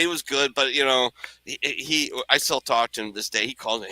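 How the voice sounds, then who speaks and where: Man, podcast host, very bright voice, animated storyteller. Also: medium pitch, moderate pace, creaky, rough recording. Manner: animated, jokey, acts out voices in his stories. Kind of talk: casual storytelling chat.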